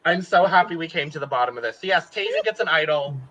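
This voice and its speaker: A man's voice: a little high, animated, fast talker, a bit bright, dull audio. A man co-hosting a podcast, recapping a reality show in a playful, jokey casual chat. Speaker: podcast co-host.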